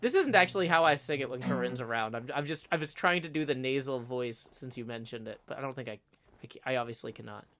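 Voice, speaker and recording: A man's voice: medium pitch, fast talker. A man hosting a live stream in casual chat, rambling with many fillers and restarts. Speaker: streamer host. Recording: loud guitar music behind.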